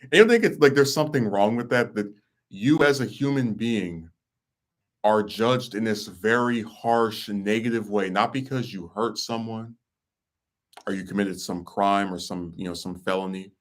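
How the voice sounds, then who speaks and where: A man's voice: on the low side, normal speed. A young man hosting a podcast, ranting in a blunt, sarcastic, exasperated way. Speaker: podcast host. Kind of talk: casual chat.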